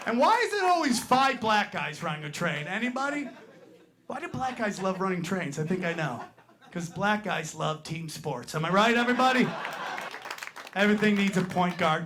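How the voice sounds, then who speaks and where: A man's voice: sits high, normal speed, fairly bright tone. A male stand-up comedian telling a crude, brash story to a live audience in a comedy club.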